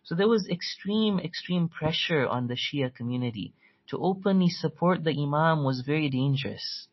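A man giving a storytelling religious lecture, earnest, quickly reciting Arabic quotations between his explanations. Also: a little high, lively intonation, dull audio. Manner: earnest, tells stories, quotes Arabic quickly.

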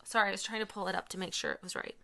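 A woman's voice: medium pitch, huge pitch swings, rapid-fire, creaky, bright, forceful tone. A woman in her thirties chatting casually as a podcast co-host, enthusiastic and full of fillers. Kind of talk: casual chat.

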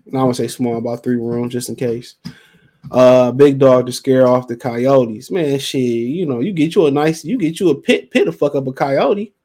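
A man's voice: mid-range voice, normal speed, dark tone. Laid-back slangy man podcasting. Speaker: podcast host. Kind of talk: casual solo podcast talk, reading listener comments.

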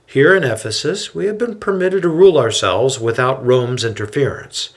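A man voicing cautious male city officials who speak in a guarded, measured way. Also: mid-range voice, close to an everyday voice.

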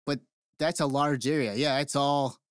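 A man's voice: medium pitch, steady tone, normal speed, smooth, no echo, clean studio sound. A man co-hosting a podcast, telling a story in crude, joking banter. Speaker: podcast co-host.

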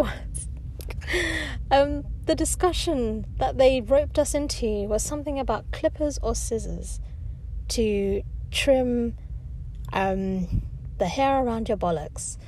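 A woman's voice: fairly high pitch, mellow, slight background noise. A woman telling a chatty, casual story about her week. She laughs often and acts out other people's lines. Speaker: vlogger.

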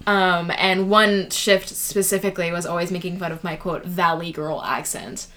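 A woman's voice: lowish voice, steady tone, normal speed, fairly bright tone. A woman with a Californian accent, a podcast guest chatting casually and giggling, with lots of fillers. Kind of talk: casual chat.

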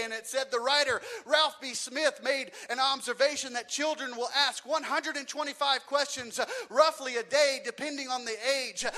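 A man from Louisiana preaching a sermon in church, telling stories and acting out voices, building to shouts. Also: very high voice.

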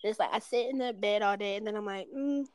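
A woman's voice: mid-range voice, quick pace, clear, resonant tone, no echo. A woman in her twenties talking on a phone call in a rambling, casual way, swearing often and filling with "like". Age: 20s.

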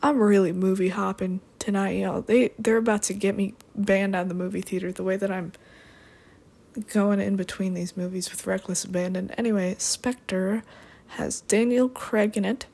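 A woman's voice: mid-range voice, steady tone, normal speed, vocal fry, a little mellow. A young woman hosting a podcast, chatting in a rambling, playful way with sarcastic asides. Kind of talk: rambling comedic chat.

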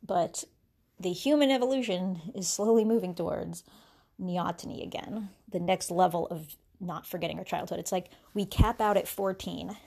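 A woman's voice: lowish voice, moderate pace, vocal fry, a little mellow, husky. A woman hosting a podcast, musing aloud about spirituality in a rambling, casual way, often laughing between thoughts and restarting her sentences. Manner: rambling, wandering with many restarts and fillers. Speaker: podcast host.

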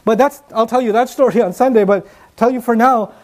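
A man's voice: very high-pitched, brisk, a little mellow. A man giving a sermon, emphatic, with repeated rhetorical questions. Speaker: preacher.

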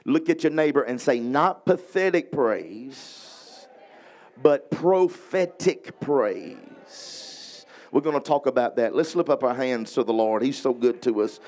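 This Louisiana-accented evangelist has a medium-pitched, darkish voice with fairly even intonation. Preaching revival before a congregation, he gets them answering back, reading scripture slowly and building intensity as he prays.

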